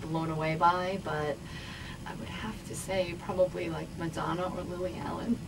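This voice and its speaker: A woman's voice: fairly low pitch, flat delivery, normal speed, gravelly, a little hiss or hum, poor audio. A woman singer from New York, a guest in a radio studio, talking in a bubbly, giggly, effusive way. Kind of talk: casual radio interview.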